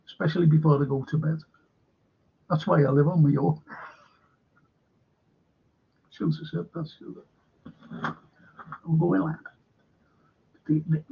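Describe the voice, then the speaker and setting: Gravelly, husky man chatting. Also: a little high, highs cut off. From Liverpool. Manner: rambling, chatty, jokey asides. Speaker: host. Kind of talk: live fan chat show, reading chat questions.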